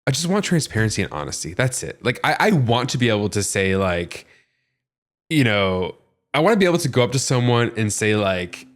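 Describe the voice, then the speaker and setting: Male podcast panelist, animated and earnest, pitch swings widely, rambling delivery. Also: fairly quick. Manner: animated, rambling, heavy use of "like"; earnest and frustrated. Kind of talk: casual podcast discussion.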